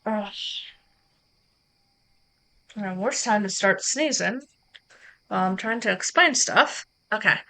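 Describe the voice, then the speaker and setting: A woman streamer walking her viewers through streaming software in a relaxed, chatty live tutorial, talking into a close microphone at her home setup. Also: medium pitch, slow pace, pauses often, slight background noise. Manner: relaxed, chatty explaining with asides to chat.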